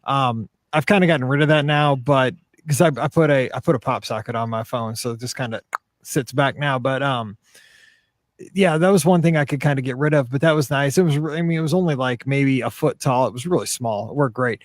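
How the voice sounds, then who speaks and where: A man's voice: medium pitch, a little fast, no echo, studio quality. A middle-aged man co-hosting a podcast, chatting casually in a rambling, self-deprecating way. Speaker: podcast co-host. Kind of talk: casual chat.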